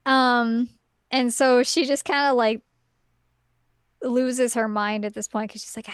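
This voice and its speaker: A woman with a smooth, clean-toned voice pitched a little high, chatting on a podcast as she recaps a story. She fills her talk with "like" and "um" and keeps a relaxed, chatty flow. The sound is close and dry. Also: takes it slowly, long pauses, no room sound. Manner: chatty, full of "like" and "um" fillers. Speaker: podcast co-host. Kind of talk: casual chat recapping a story.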